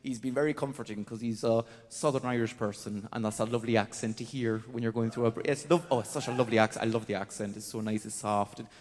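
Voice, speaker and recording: Chatty Scottish comedian on stage. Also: male voice, mid-range voice, fairly even intonation, fast, hardly any pauses, darkish tone. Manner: chatty, self-mocking, says "man" a lot. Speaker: stand-up comedian. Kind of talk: stand-up comedy set. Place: large theatre stage. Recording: theatre stage reverb, faint noise.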